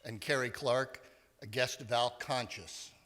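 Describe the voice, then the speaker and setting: A man's voice: mid-range voice, a little slow, noisy background. A man acting as sergeant at arms at a club meeting, formally welcoming and introducing guests by name. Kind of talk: meeting announcements. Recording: echoey hall.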